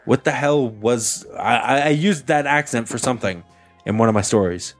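A man from Canada co-hosting a podcast in casual chat, excitable, stammering and restarting. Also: mid-range voice, normal speed, faint music behind. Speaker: podcast co-host.

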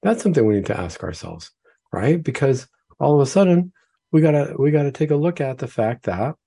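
A man's voice: mid-range voice, sing-song, moderate pace, vocal fry, mellow, slightly rough. A man hosting a talk show, explaining earnestly and telling case stories as a clinician. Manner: earnest, explanatory, quotes imagined speakers. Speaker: psychiatrist and radio show host.

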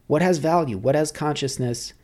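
A man's voice: fairly high pitch, moderate pace, a little mellow. A man hosting a podcast, musing aloud in a rambling, philosophical solo monologue. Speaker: podcast host.

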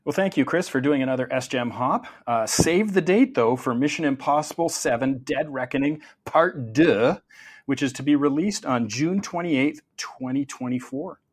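Male podcast host, casual and jokey, animated pitch. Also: moderate pace. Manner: lively, jokey, asks questions.

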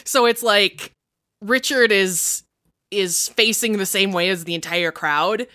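Woman player, tabletop narration, bright and clear, dry close mic. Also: medium pitch, dry recording. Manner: animated, halting storytelling. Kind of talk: narrating a tabletop role-play scene.

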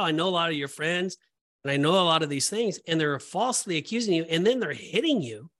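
Emotional man, higher voice, rambling. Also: fairly bright tone. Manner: rambling, emotional, many restarts. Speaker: podcast co-host. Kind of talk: casual Bible discussion.

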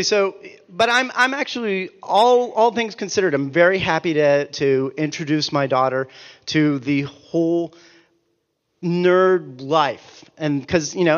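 A man in his forties telling comic stories in an animated, ranting way, swearing and breaking off his own sentences. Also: on the high side, big-room sound, highs cut off. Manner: animated, ranting, profane, self-interrupting. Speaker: author and speaker. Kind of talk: comic storytelling talk.

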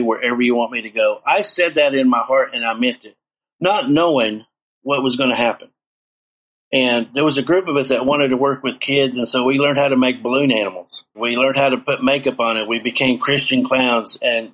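A man's voice: mid-range voice, a bit bright, rough recording. A middle-aged man earnestly telling his life story in an interview, acting out the dialogue he quotes. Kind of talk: personal testimony in an interview.

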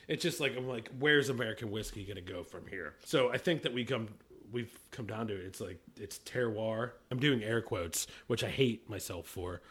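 A man co-hosting a casual podcast chat, loud and jokey, laughing and swearing freely. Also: medium pitch, normal speed, few pauses. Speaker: podcast co-host.

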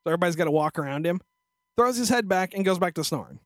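A man's voice: high-pitched, lively intonation, racing, no echo. A male podcast host telling a story in a crude, profane, sarcastic rant into a studio microphone. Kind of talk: casual ranting storytelling.

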